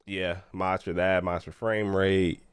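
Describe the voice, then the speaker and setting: A man's voice: sits low, little pitch movement, a little slow, smooth, no room sound. A man co-hosting a casual gaming podcast, a little congested, asking questions in a laid-back way. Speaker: podcast co-host.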